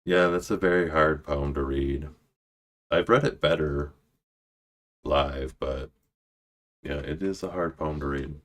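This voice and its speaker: A man's voice: rumbling low, takes it slowly, long pauses, fairly bright tone. A man streaming live, chatting casually and reading his own poetry aloud, restarting lines when he slips. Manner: self-deprecating, restarts lines, muttering asides.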